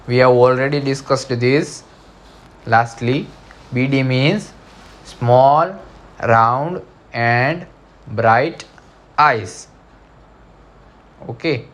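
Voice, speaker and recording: A male teacher with an Indian English accent talks schoolchildren through a chapter at a very slow pace. His pitch sits in an ordinary middle range. He repeats each word and spells it out letter by letter. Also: fairly bright tone. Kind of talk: English lesson for children.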